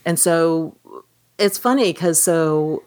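A woman with a low voice, recorded dry and close. She talks through a film in relaxed podcast chat, lively, and slips into the characters' voices when she quotes them. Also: takes it slowly, no room sound. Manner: animated, acts out quoted lines. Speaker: podcast co-host. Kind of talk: casual film discussion.

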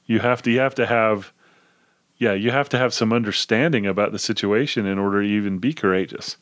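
A man's voice: fairly low pitch, fairly quick, fairly bright tone, no echo, studio quality. A man co-hosting a podcast, agreeing with his co-host and thinking aloud with restarts. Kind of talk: casual book discussion.

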